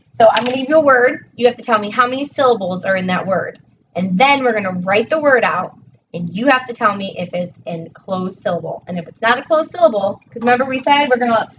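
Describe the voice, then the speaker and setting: A woman teacher tutoring a child one-on-one in a patient, encouraging way, praising each answer. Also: on the high side. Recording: distant dull mic with faint noise.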